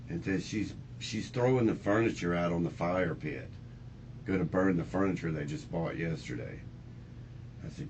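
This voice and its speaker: A man being questioned by police, talking in a low, rambling, agitated way and repeating himself. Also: moderate pace. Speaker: suspect being interviewed. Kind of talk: police interrogation recording. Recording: noisy interrogation room recording.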